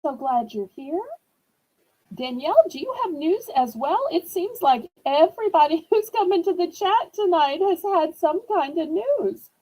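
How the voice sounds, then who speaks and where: A woman's voice: very high voice, expressive, mellow, rough recording. A woman from New Orleans, chatting with viewers while selling items in a live-stream auction. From New Orleans, USA. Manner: slow, sympathetic, chatty with viewers.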